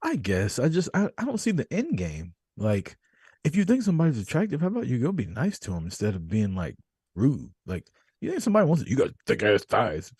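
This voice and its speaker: A man hosting a podcast, telling stories in a casual, profane, animated way. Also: mid-range voice, a little fast, breathy edge, no echo, clean studio sound. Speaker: podcast host. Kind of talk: casual chat.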